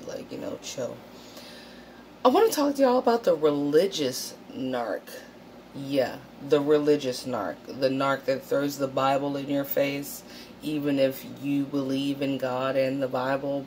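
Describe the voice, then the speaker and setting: A woman with a low voice talks slowly and bluntly to her viewers, swearing freely and filling her speech with "like" and "you know." A faint hiss sits under her voice. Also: darkish tone, low-quality recording. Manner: blunt, profane and emphatic, with lots of fillers. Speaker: channel host. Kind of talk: casual vlog storytime.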